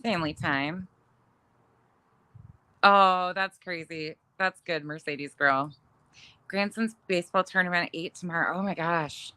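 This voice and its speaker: Chatty bright-voiced woman, low-pitched. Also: normal speed, no room sound. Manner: chatty, laughs often, swears casually. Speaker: livestream host reading viewer comments. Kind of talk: casual chat.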